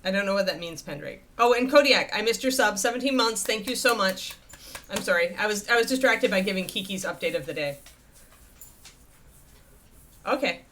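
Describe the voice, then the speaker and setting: A woman's voice: medium pitch, animated, normal speed, long pauses, a bit bright. A woman livestreaming from home, chatting casually and rambling with a laugh while talking into a desk microphone. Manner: chatty, rambling, self-amused. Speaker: livestreamer painting miniatures. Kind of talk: casual live-stream chat. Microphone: desk USB microphone at face level.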